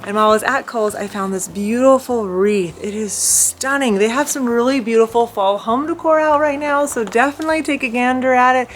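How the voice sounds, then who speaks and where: A woman's voice: a little high, a little fast, hardly any pauses. A woman vlogger in her thirties, gushing enthusiastically as she shows off home decor around her house. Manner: gushing, enthusiastic, lots of "beautiful" and fillers. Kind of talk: casual sponsored home decor vlog. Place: at home, porch and indoors.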